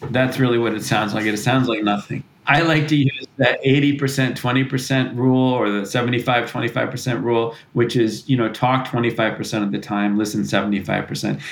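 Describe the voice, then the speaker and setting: A man's voice: medium pitch, steady tone, brisk, creaky, hardly any pauses, low-quality recording. A man answering interview questions as a parenting author, earnest and explanatory, often restarting his sentences. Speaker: author and parenting expert guest.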